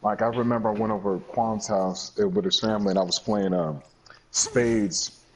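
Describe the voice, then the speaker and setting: A young adult man chatting casually on a game stream, a profane, animated storyteller. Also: lowish voice, moderate pace, slight background noise. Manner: animated storyteller, profane, acts out quotes loudly.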